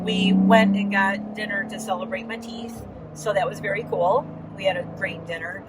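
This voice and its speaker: A woman's voice: mid-range voice, fairly even intonation, normal speed, gravelly, distant mic, heavy background noise. A woman giving a casual, rambling vlog update with lots of fillers, talking while riding in a car. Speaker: vlogger.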